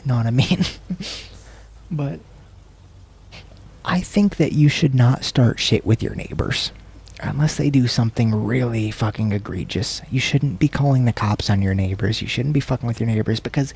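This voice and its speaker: Husky-voiced man ranting on a stream. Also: moderate pace, darkish tone. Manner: profane, rambling ranting; slips into low murmurs and whispers. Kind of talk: casual livestream chat while gaming.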